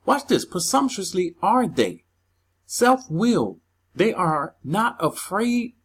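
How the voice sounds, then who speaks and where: A husky, slightly breathy voice reads scripture verses aloud and then argues over them. The speaker is emphatic and heated, and often stumbles and restarts mid-sentence while pressing each point. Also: mid-range voice, big pitch swings, slow. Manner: agitated, stumbles over words. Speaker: Bible teacher.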